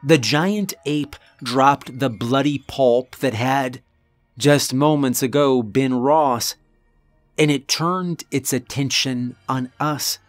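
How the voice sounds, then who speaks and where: Slow, deliberate male horror narrator. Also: medium pitch, no echo, faint music behind. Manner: deliberate, earnest storytelling with dramatic pauses. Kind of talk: first-person horror story narration.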